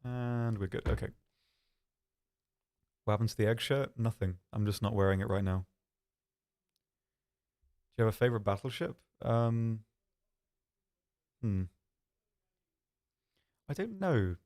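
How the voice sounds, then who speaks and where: A young man talks through a casual live stream, reading out viewers' questions and answering them one by one. His voice sits a little low and stays soft and calm, and his delivery is dry and self-deprecating. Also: unhurried, long pauses.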